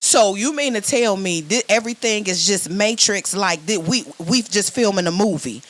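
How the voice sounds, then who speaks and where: Sassy loud woman doing stand-up. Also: medium pitch, expressive, moderate pace, no room sound. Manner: loud, sassy, repeats words when starting phrases. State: sweating. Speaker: stand-up comedian. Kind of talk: virtual stand-up comedy set.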